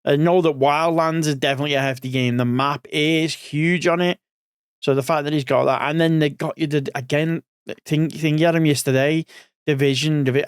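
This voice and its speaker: A man's voice: mid-range voice, clear, resonant tone, dry recording, studio quality. A man in his forties giving casual gaming commentary as a streamer, rambling and thinking aloud, a bit sleepy. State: sleepy, yawning.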